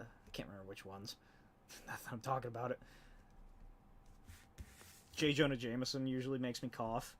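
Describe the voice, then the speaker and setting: A man with a middle-pitched voice chats casually while inking comic pages on a live stream. He rambles, laughs easily and swears offhandedly, as if talking to friends. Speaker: comic artist and YouTuber.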